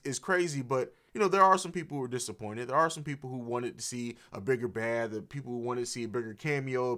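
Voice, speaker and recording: A man's voice: mid-range voice, a bit bright. A man hosting a live reaction stream, talking with emotion, swearing freely and restarting his sentences. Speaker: livestream reaction host. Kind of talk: emotional unscripted reaction livestream. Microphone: streaming mic.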